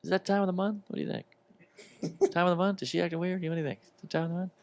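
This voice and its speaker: A man doing a brash, crude stand-up routine on a comedy club stage, firing off rapid jokes with sudden loud shouts. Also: high voice, level tone, creaky, dry recording.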